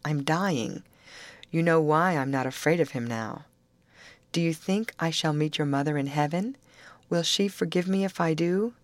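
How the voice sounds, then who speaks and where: A woman's voice: sits low, moderate pace, dry recording, close to an everyday voice. A woman voicing a frail, frightened young woman who speaks in a vacant, sorrowful, pleading way.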